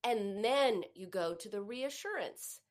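A woman's voice: medium pitch, lively intonation, measured pace. A middle-aged woman coaching on emotions in a live teaching talk, acting out sighs and inner voices as she explains.

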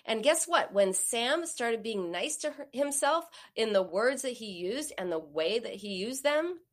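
A woman gives a coaching talk in a fairly high, very lively voice. She takes her time over each phrase. She acts out the voices she quotes. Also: measured pace. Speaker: therapist or coach giving a talk. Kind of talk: motivational talk on binge eating.

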